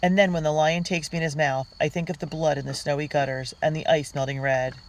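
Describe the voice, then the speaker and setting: A man's voice: on the high side, fairly even intonation, fast talker, rough recording. Earnest reader narrating a girl's diary. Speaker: audiobook reader.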